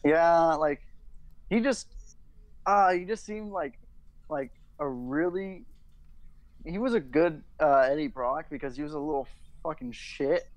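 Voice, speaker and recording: A man's voice: a little high, measured pace, long pauses, no room sound, poor audio. A young man co-hosting a casual podcast chat, rambling with lots of "like" and restarts and swearing casually. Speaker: podcast co-host.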